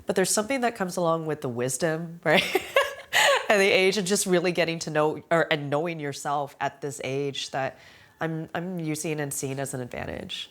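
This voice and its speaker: Woman, 40s, low voice; candid, emotional interview talk, quick to laugh. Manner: emotional, laughing often, lots of "like" and "right?". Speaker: amateur Muay Thai fighter.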